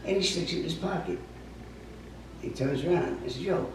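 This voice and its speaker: A man telling a story in a gruff, profane way and acting out the quotes. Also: fairly high pitch, a little fast. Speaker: storyteller guest. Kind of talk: casual anecdote telling. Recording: echoey room, distant mic, faint noise.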